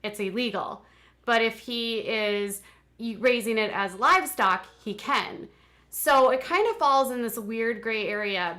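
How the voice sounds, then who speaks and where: A woman's voice: fairly high pitch, slow, sharp tone. A woman hosting a live-streamed commentary show, talking in a chatty way with exasperated asides. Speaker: commentary channel host.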